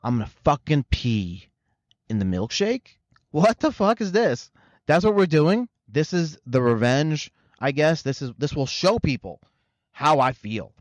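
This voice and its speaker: A man voicing a bitter young male fast-food manager who rants in a profane, indignant way, a bit higher than his own voice. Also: sing-song, no room sound. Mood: furious.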